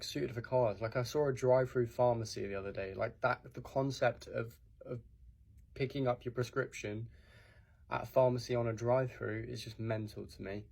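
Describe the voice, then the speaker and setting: A young man, a student, counting down points to camera in a relaxed, matter-of-fact way. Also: mid-range voice, creaky, breathy edge. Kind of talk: listicle vlog to camera.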